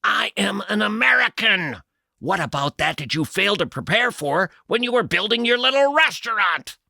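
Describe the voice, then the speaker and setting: A blustering American tourist, loud and short-tempered, barking every word slowly so the locals will finally get it, as a man puts him on. The voice sits high and strained, with a gravelly edge under the bluster. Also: expressive, dry recording, exaggerated voice. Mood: indignant. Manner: shouting slowly and rudely. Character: loud, impatient male American tourist abroad.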